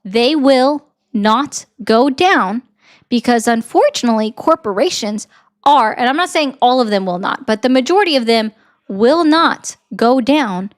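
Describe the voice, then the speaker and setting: Female commentator with a slightly high voice, brisk and assertive. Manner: rapid, assertive, lecturing. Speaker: political commentator. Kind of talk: debate and explainer commentary.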